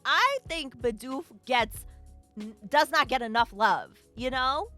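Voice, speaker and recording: A woman's voice: high-pitched, animated, takes it slowly, sharp tone, faint music behind. A woman hosting a casual stream interview, upbeat and enthusiastic.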